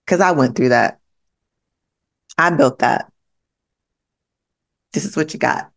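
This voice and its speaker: A woman's voice: low-pitched, slow pace, creaky. A woman hosting a podcast, giving a blunt, profane motivational monologue that repeats its points straight at the listener. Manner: blunt, profane, pep-talk delivery; emphatic repetition to the listener. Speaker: podcast host.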